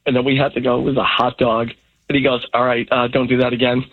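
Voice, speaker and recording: A man's voice: mid-range voice, level tone, fast, slightly rough, no echo. A man calling in to a radio show, telling a rambling story with many ums. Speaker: caller. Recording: tinny phone line.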